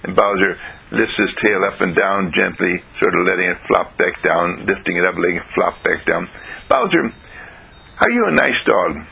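A man telling a children's story on the radio in a gentle, slow, lively way, clearing his throat now and then. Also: deep voice, rough recording.

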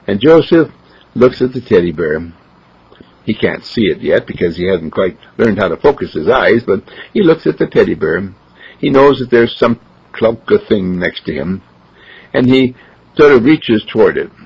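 Man storyteller, gravelly husky voice, lively pitch, muffled lo-fi sound. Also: normal speed. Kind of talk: spoken storytelling. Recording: dull lo-fi recording.

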